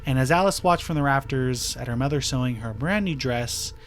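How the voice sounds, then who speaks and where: A man's voice: medium pitch, fairly quick, slight background noise. A man co-hosting a podcast, casually retelling a true-crime case with fillers and restarts. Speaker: podcast co-host.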